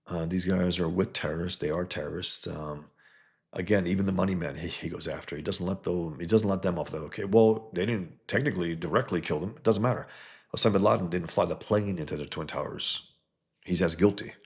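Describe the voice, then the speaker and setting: A low-pitched man holds forth on comics in a casual monologue. He argues bluntly and with heat, and he shows scorn for views he rejects. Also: a little fast. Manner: heated, blunt, mocks others with sudden high put-on voices. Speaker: comics creator.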